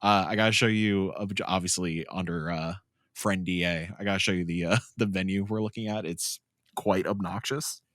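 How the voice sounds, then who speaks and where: A man joining a gaming podcast, chatting in a relaxed, joking way. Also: low-pitched, moderate pace, dry recording, studio quality. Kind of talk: casual chat.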